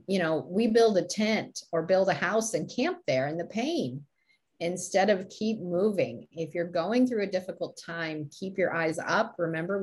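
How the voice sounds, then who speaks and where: A woman's voice: lowish voice, husky. A woman co-hosting a motivational talk show, telling stories and laughing often. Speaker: podcast co-host.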